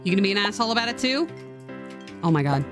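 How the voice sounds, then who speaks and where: Animated sarcastic woman game streamer. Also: medium pitch, rapid-fire, music in the background. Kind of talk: casual game commentary.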